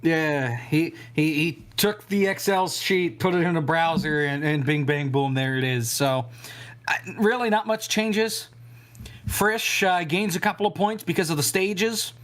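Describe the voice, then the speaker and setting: A man's voice: fairly high pitch, a little slow, fairly bright tone. A man hosting a sim racing broadcast, wrapping up with upbeat commentary. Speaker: lead commentator.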